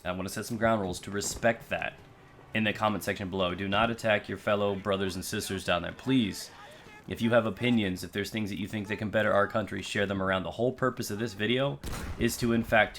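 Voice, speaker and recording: A young man from the United States speaks earnestly to his viewers, telling a personal story in a loose, conversational flow full of fillers and restarts. His voice sits very low yet sounds bright and forceful. A faint hiss of noise runs underneath. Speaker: YouTube creator.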